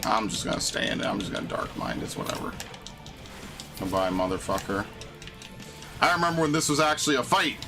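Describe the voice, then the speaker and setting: A male gaming streamer offers casual live-stream commentary, grumbling, ranting and swearing as he plays over game music. His voice is lowish with lively intonation and vocal fry, and he talks briskly but pauses often.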